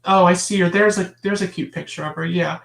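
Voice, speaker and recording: A woman's voice: on the low side, steady tone, fairly quick, gravelly. Impassioned woman in an echoey room. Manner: emphatic and impassioned, with frequent restarts and asides. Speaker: guest. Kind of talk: casual interview conversation. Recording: roomy echo.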